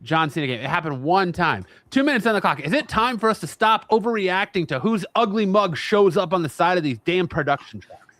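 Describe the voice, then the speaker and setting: Animated teasing man, dry close sound. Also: high voice, brisk, no room sound. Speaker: podcast host. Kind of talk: casual wrestling chat.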